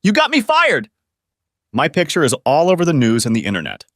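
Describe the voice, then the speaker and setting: A man voicing an angry, whining young wife who shouts at her husband. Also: very animated, quick pace, dry recording, clean studio sound. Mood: upset. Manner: shrill, whining.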